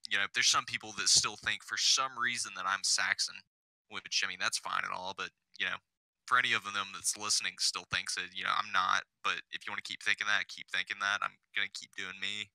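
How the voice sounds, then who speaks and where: A man's voice: on the low side, level tone, a little fast, creaky, bright, forceful tone, dry recording, rough recording. A man on a casual podcast, telling a long story full of "you know" fillers and swearing. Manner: rambling, profane storytelling with many fillers. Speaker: podcast guest.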